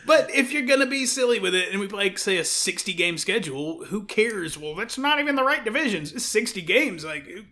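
A man's voice: high voice, animated, a little fast, hardly any pauses, pushed and bright. A man co-hosting a sports podcast, chatting casually and joking around, sometimes rambling into silly bits. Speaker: podcast co-host.

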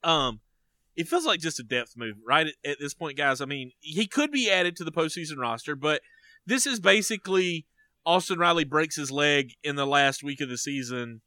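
A man co-hosting a casual sports podcast, chatty and teasing, growing animated when excited. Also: on the high side, normal speed, no echo. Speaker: podcast co-host.

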